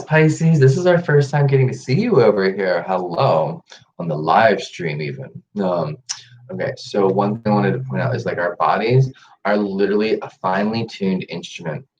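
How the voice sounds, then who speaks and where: A man's voice: deep voice, moderate pace. A man hosting a casual live-streamed guided meditation, upbeat and chatty, laughing often. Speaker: meditation host. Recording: dull lo-fi live-stream audio with faint noise.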